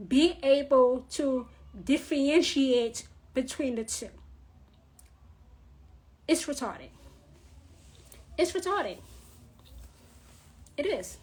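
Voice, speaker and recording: A woman vlogger ranting in a blunt, profane, scolding monologue. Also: high-pitched. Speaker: witch vlogger.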